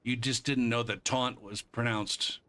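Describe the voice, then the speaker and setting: This streamer's voice sits at medium pitch with an even tone and an unhurried pace, though it comes out pushed and bright. While playing, he chats loosely with viewers, trading banter with chat, getting argumentative and cursing without restraint.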